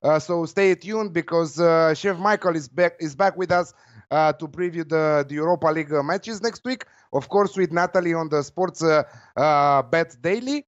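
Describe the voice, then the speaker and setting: A man with a Romanian accent, a betting tipster guest in casual chat, speaking haltingly with many fillers. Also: a little high. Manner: filler-heavy, halting, upbeat. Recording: slightly dull lo-fi line.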